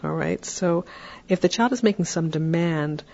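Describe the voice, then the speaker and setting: A podcast host giving parenting advice in a calm, explanatory way, often checking in with "right?". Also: mid-range voice, normal speed, vocal fry, highs cut off.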